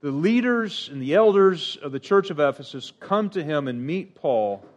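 An expressive middle-aged preacher speaks at a moderate pace with earnest emphasis. Sudden pitch climbs punctuate his sermon, while other phrases drift off into quiet.

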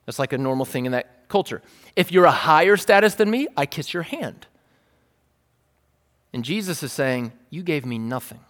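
A man's voice: on the high side, very animated, moderate pace, pauses often, fairly bright tone. A male pastor preaching a sermon in a conversational, playful style, acting out the scenes he tells. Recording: long reverb of a large hall.

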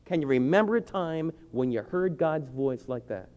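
Earnest preacher guy, kinda high voice, slows way down to push his points, muffled long hall echo. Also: animated, a little mellow. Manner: earnest, pleading, slows to stress key phrases. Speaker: pastor. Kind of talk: sermon. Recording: dull lo-fi with long hall reverb.

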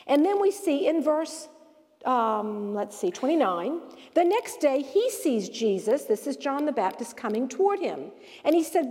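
A woman with a high, bright-toned voice leads a Bible study lesson. She tells the story in an animated, emphatic way, her voice jumping up to stress each point. A long reverb trails her words, as if she were in a large hall. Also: measured pace.

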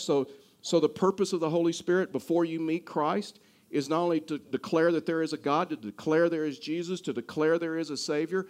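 A man delivering a sermon to his congregation. His voice sits a little higher than most men's. He talks earnestly and keeps repeating and restarting his words. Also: fairly even intonation, a little fast. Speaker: pastor.

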